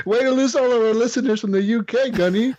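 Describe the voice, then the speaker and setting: A man's voice: very high voice, a little fast. Laughing, profane podcast host man. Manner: profane, laughing, animated storytelling. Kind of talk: casual gaming podcast chat. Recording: slightly dull lo-fi audio.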